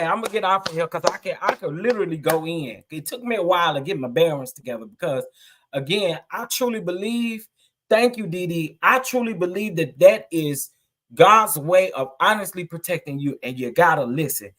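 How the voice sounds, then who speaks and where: A man's voice: sits high, animated, a little fast, a bit bright. A man vlogging casually to his viewers, emphatic and emotional, greeting people in the chat. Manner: emphatic, preachy, greets live chatters, emotional.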